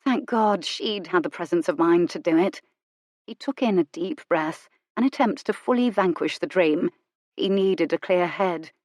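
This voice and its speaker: A woman narrating a romance audiobook with measured, wry storytelling. Her voice sits fairly low. The sound is dry and close, with no room in it. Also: a little mellow, no room sound. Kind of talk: scripted narration.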